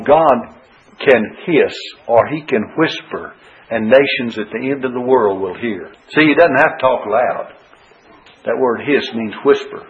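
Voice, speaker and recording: A man teaching from the Bible in a folksy, conversational way, rising high in pitch when he gets stirred up. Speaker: preacher. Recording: tinny phone-like radio broadcast.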